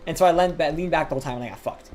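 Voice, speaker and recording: A man's voice: fairly high pitch, racing. Rambling, cursing young man streaming a game. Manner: rambling, profane, animated storytelling. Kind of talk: casual storytelling while gaming live.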